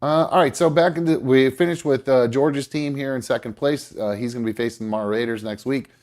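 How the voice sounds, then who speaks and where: A man's voice: medium pitch, steady tone, a little fast, a little mellow. Laid-back podcast host, casual man. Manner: loose, rambling, swears casually. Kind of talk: casual chat.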